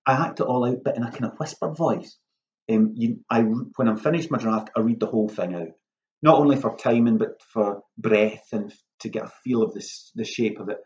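A playwright speaks at normal speed in a medium-pitched voice, with the high frequencies cut off. He's offering casual, self-mocking writing advice during a workshop talk, staying lively and acting out lines in a hushed voice.

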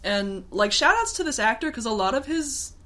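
Fairly high-pitched and bright, this young woman's voice swings widely in pitch and sounds pushed, moving at a moderate pace. As a podcast co-host, she rambles through a casual TV episode recap with many fillers and laughs, acting out the characters.

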